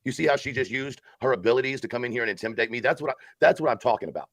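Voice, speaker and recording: A man's voice with a gravelly edge, hosting a live stream in a theatrical, sarcastic tone. He sounds close and dry, with no room behind him. His delivery swings between mock solemnity and casual banter with the chat. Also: mid-range voice, very fast, fairly bright tone, dry recording. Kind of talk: mock support-group speech, then casual live chat.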